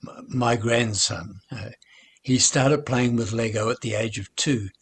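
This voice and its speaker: A man doing a grieving old grandfather, husky and halting. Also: medium pitch. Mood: hesitant. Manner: halting, stammering, subdued. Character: grieving older grandfather, once grumpy.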